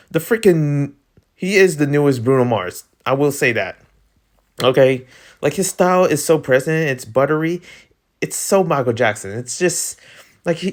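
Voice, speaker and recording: A man with a Filipino accent talks at a medium pitch in loose, excitable vlog commentary. He rambles and leans hard on fillers. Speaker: vlogger ranking breakdancers. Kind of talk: casual commentary.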